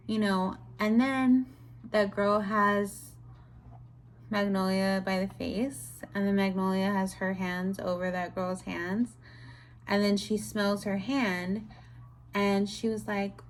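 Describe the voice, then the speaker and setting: A young woman chatting casually in a book review vlog, retelling scenes with animated, exasperated commentary. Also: medium pitch, slow. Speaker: book vlogger.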